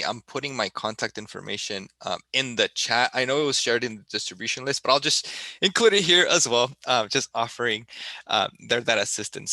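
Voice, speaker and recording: A man's voice: mid-range voice, vocal fry, sharp tone, dry recording. A man from the San Diego-Tijuana border region introducing himself on a video call, friendly with many hesitations. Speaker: EPA representative. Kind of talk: self-introduction in online meeting.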